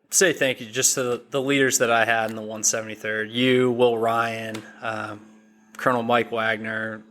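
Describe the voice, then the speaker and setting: A young man, a podcast guest, telling a story in a casual, animated way and acting out the quoted dialogue. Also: on the low side.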